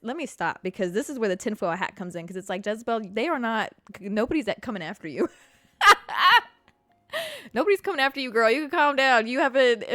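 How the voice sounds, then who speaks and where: A young woman hosting a casual solo podcast from her couch at home, talking in an animated, expressive way and swearing a lot. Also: on the high side, no room sound. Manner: animated and expressive, heavy swearing, frequent "like" fillers. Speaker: podcast host.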